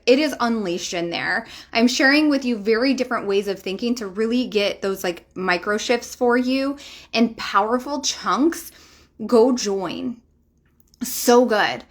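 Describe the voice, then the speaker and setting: Chatty woman, casual and emphatic. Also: on the high side. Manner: emphatic and chatty, swears casually, laughs often. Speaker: spiritual life coach. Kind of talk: casual talking-to-camera monologue.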